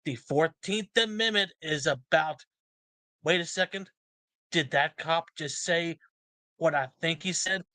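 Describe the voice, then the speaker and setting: A man's voice: fairly high pitch, unhurried, pushed and bright, no room sound, rough recording. A man giving mocking commentary over a video, sarcastic and pointed.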